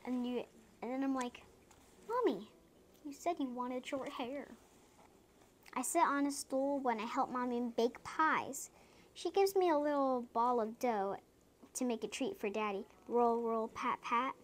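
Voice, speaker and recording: A woman reading children's picture books aloud, chatting between pages and playing up the sound words in a lively, sing-song way. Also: fairly high pitch, normal speed, slight background noise. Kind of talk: storybook read-aloud with casual chat.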